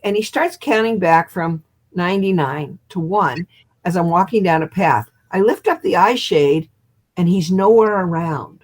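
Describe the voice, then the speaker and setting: An older woman in her seventies, a hypnotist guest, telling an animated story over a video call. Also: fairly low pitch, normal speed. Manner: lively storyteller who acts out quotes and laughs.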